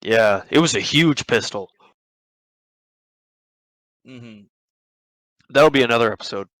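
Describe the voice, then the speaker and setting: A man's voice: medium pitch, slow pace, fairly bright tone, no room sound, low-quality recording. Young man telling a rambling story. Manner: rambling, profane, many restarts. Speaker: podcast host. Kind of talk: casual storytelling.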